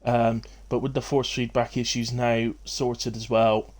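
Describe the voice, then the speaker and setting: A man's voice: medium pitch, flat delivery, unhurried, darkish tone. Rambling streamer man. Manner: rambling and self-deprecating, with many fillers and restarts. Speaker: live-stream host of a racing league. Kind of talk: casual live-stream commentary.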